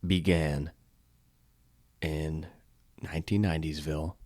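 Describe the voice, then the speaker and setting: A man's voice: extremely low pitch, steady tone, slow, a little mellow, dry recording. A man co-hosting a podcast in casual chat, laid-back, swearing now and then and restarting his words. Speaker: podcast co-host.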